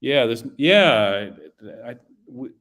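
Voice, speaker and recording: A man being interviewed as an author and publisher, talking casually and haltingly with many restarts. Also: medium pitch, lively intonation, a bit bright. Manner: halting, full of restarts and fillers.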